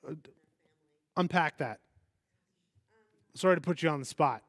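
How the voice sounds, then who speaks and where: Male pastor, conversational sermon, slightly high voice, dry close sound, asks the room questions. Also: unhurried, no echo. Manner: animated, asks the congregation questions, acts out quoted voices.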